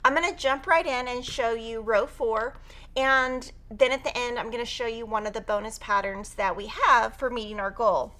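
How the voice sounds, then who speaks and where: Bright, chatty woman teaching quilting. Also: fairly high pitch, normal speed. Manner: chatty and upbeat, talking while cutting fabric. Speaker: quilting instructor. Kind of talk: live-stream sewing tutorial.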